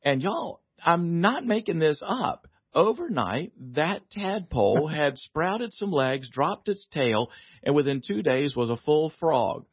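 A man, a guest author on a radio talk show, telling a family story in a lively way, laughing often and acting out the voices. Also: on the high side, takes it slowly, breathy edge, dry recording, muffled recording.

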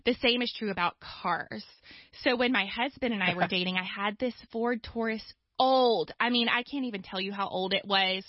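A woman, a guest author, telling stories in a casual conversation with lively asides. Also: mid-range voice, no room sound. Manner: lively storytelling with quick asides. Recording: dull dry studio sound.

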